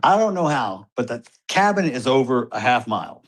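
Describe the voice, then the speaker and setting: In this recorded storytelling, a father spins a hunting tale with vivid detail, acting out each exchange. His voice is mid-range and sing-song, and he keeps a moderate pace.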